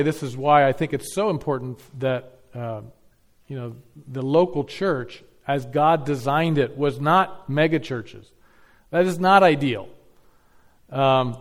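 With a mid-range voice, a pastor delivers an expository sermon, teaching earnestly. He repeats key phrases for emphasis and reads scripture slowly and deliberately.

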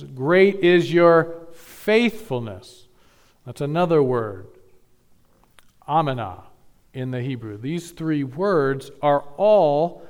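A man preaching a sermon, teaching carefully with measured emphasis and occasional restarts. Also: fairly high pitch, smooth. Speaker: pastor.

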